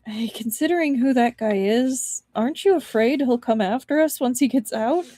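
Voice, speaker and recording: Woman reading as a jumpy out-of-breath guard, kinda high, dry close mic. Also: normal speed, dark tone, no room sound, natural voice. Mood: worried. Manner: breathless, anxious asking. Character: nervous, panting prison guard, adult man.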